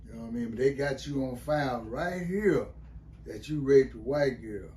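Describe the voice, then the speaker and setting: A man's voice: mid-range voice, moderate pace, a little mellow. An older man, telling about his time in prison in a loose, rambling way and often asking "you know what I mean". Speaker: interview guest, former prisoner. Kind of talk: casual storytelling interview.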